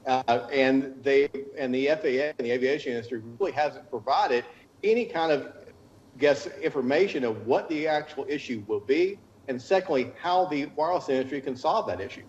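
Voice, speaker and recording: A man's voice: mid-range voice, fairly quick, darkish tone, slight background noise. Man explaining on a dull remote line. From United States. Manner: explanatory, with restarts and hedges. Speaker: interview guest, cell tower consultant. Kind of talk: remote news interview.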